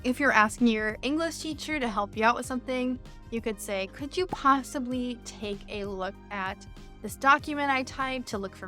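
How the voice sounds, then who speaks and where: A woman's voice: fairly high pitch, pushed and bright. A woman teaching English in an online lesson, patiently explaining phrases step by step with many examples.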